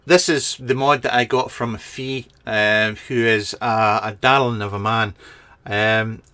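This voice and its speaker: A Scottish man's voice, on the low side, comes across steady, pushed and bright with a clean tone, and he talks a little slowly. He is a vaping product reviewer chatting casually into a webcam from his garden shed, reading out viewer comments, joking, and filling the live vlog with ums and restarts.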